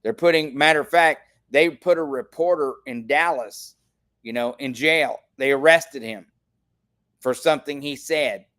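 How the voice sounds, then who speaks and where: Older rambling man from Texas, smooth voice. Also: medium pitch, measured pace, a bit bright. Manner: rambling and indignant, with frequent restarts. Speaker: show host. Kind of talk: casual livestream talk.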